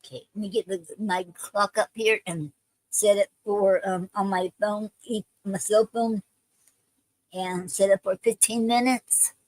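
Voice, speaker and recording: A woman chats with viewers on a live stream at an unhurried, halting pace, often stopping to restart. Her voice sits at an ordinary pitch and sounds dry and close to the mic. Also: steady tone, darkish tone, dry recording, low-quality recording. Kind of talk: casual live-stream chat, leading a poetry writing session.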